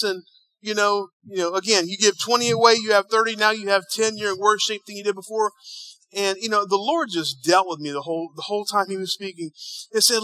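A man preaching a sermon, telling a story and acting out the dialogue, dropping quiet and then rising loud. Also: high-pitched, steady tone, fast talker, no room sound, rough recording. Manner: storytelling, acts out dialogue, swings between hushed and loud. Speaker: pastor.

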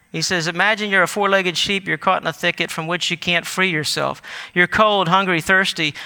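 A man's voice: high voice, creaky, pushed and bright, clear, resonant tone. A man preaching a sermon as pastor, earnest and given to self-corrections and restarts, then leading a prayer. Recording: long hall reverb.

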